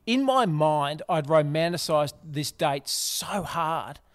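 A man's voice: fairly high pitch, slow, dry recording. A man with an Australian accent, a guest comedian telling self-mocking stories in a casual podcast chat. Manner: animated storyteller, self-mocking.

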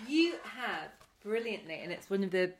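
A woman's voice: medium pitch, very animated, normal speed. Curious woman host asking about books. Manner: curious, asks questions, admiring. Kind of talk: casual interview chat.

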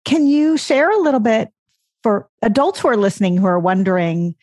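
A woman co-hosting a podcast, asking questions gently and choosing her words carefully. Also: a little high, animated, moderate pace, no room sound, clean studio sound. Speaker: podcast co-host. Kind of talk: conversational interviewing.

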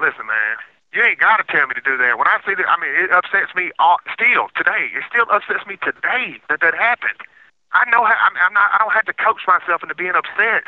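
A man's voice: sits high, no room sound. A man, recounting his trial over the phone, heated and repetitive. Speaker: interviewee, former defendant. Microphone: phone line. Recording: tinny phone line.

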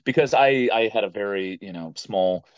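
An American man in his thirties, a podcast guest, telling stories in a casual and animated way. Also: on the low side, moderate pace, clean tone, dry recording. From United States. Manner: animated storyteller who acts out quoted voices. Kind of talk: casual interview storytelling. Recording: dull, dry podcast audio.

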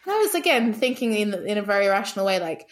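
A woman co-hosting a podcast, chatting about a film in an animated, playfully sarcastic way, often laughing. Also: medium pitch, fast talker. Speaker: podcast co-host. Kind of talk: casual chat about a film.

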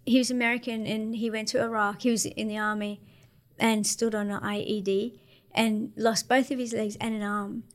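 Australian woman, 30s, interview guest; casual, slangy, higher voice. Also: level tone, moderate pace. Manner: laid-back, slangy, many fillers. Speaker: interview guest, para-surfer.

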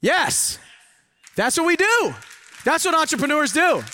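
A middle-aged man giving a live, preachy seminar talk to an audience, swinging between loud urging and hushed asides. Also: very high-pitched, very animated, unhurried, some chatter behind. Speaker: motivational speaker. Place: event hall with a live audience.

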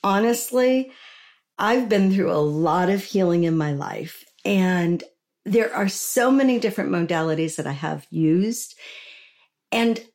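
A woman's voice: lowish voice, expressive, measured pace, a little mellow. A woman hosting a podcast interview, talking in a gushing, emotional, chatty way. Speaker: podcast host.

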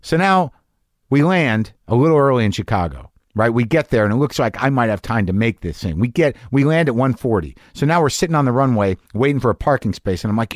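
A man's voice: mid-range voice, expressive, a little fast, dry recording, studio quality. A middle-aged man telling a long story in a casual monologue, ranting and swearing, mocking himself and acting out what people said. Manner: profane, ranting, self-deprecating, acts out quotes.

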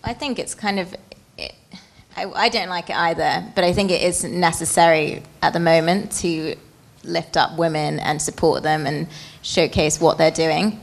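A woman's voice: lowish voice, normal speed, vocal fry. A woman speaking as a panel guest in a thoughtful, hedging way. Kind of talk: panel discussion.

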